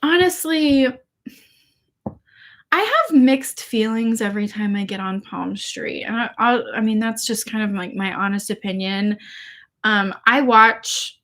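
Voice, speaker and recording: A woman's voice: on the high side, a little slow, a bit bright. A young woman from England with no trace of an English accent, chatting casually on a livestream, often laughing and answering viewers' comments. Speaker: online seller doing a livestream.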